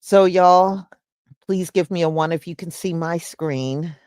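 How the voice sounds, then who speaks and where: A woman's voice: lowish voice, steady tone, unhurried, darkish tone, no echo, clean studio sound. A woman hosting a livestream, talking to her viewers in an emphatic way and repeating her points. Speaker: livestream host. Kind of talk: live commentary to viewers.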